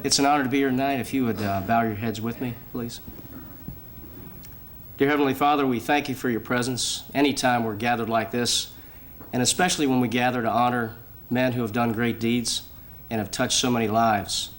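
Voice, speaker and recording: A man's voice: medium pitch, steady tone, brisk. Chaplain man praying over a banquet. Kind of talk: invocation prayer at a banquet. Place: banquet hall. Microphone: podium microphone.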